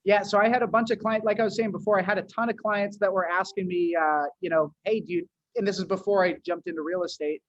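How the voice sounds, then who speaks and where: A man's voice: high-pitched, steady tone, dry recording. New england guy on a podcast, slangy, says dude a lot, muffled dry audio. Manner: fast, loose, slangy talk full of "dude" and restarts. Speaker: podcast guest, agency owner. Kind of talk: casual interview chat.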